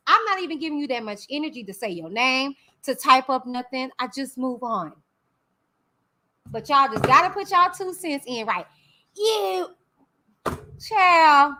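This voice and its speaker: Woman, casual livestream rant, sassy and dismissive, bright clear tone, unhurried delivery. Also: sits high. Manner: dismissive, sassy, drawn-out talk with frequent laughs. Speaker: channel host.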